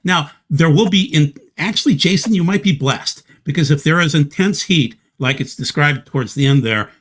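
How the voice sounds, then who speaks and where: Higher-voiced insistent man. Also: normal speed, a bit bright, husky. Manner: confident, speculative, insistent. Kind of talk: casual discussion.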